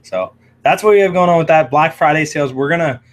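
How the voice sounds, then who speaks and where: A man's voice: fairly high pitch, quick pace, slight background noise. A man who runs a shrimp shop, hosting a casual livestream with lots of fillers as he reads viewer comments aloud. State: hiccuping.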